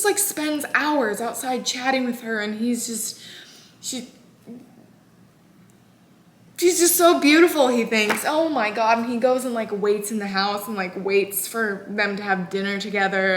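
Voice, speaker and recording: A woman in her twenties casually recapping a novel in an animated, exasperated way, full of "like". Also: on the high side, slight background noise. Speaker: book vlogger. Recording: echoey room.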